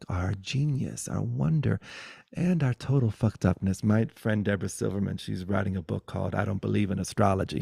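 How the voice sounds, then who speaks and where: A middle-aged man giving a guided spiritual talk over a video call, swinging between loud exclamations and soft, hushed musing, swearing playfully. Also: fairly low pitch, creaky, husky, no echo, clean studio sound. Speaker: spiritual teacher.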